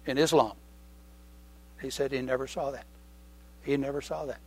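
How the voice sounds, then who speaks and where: A middle-aged man preaching a sermon in a conversational way, repeating key phrases and often clearing his throat. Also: fairly high pitch, dry recording.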